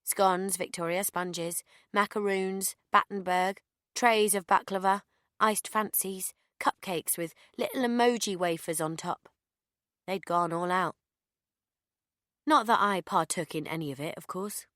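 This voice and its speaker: A woman reading a first-person audiobook in a deadpan, sardonic manner. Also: mid-range voice, unhurried, no echo, studio quality. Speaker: audiobook narrator.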